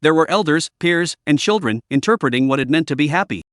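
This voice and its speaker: This comic recap is narrated by a man whose voice runs slightly high for a male speaker. His delivery is even and steady, and he talks fast. The recording is dry and close-miked, with no room sound at all.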